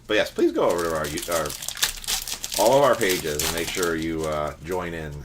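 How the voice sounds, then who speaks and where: Deep-voiced joking card-break host. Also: male voice, sing-song, moderate pace, background noise. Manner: joking, teasing, chatty. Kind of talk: casual livestream banter.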